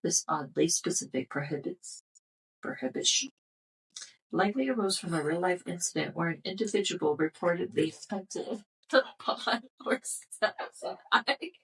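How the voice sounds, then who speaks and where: A woman's voice: fairly low pitch, lively intonation, normal speed, recorded from a distance, rough recording. A woman co-hosting a casual podcast, reading out strange laws with joking asides. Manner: reads facts aloud with joking asides. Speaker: podcast co-host.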